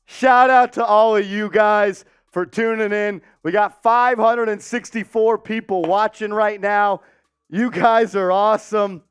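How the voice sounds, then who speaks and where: A man hosting a casual live stream with a high, smooth voice. He talks slowly and warmly and calls out his viewers one by one. The sound is close and dry. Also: fairly even intonation, no echo. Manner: warm-hearted, giving viewers shout-outs. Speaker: sports show host.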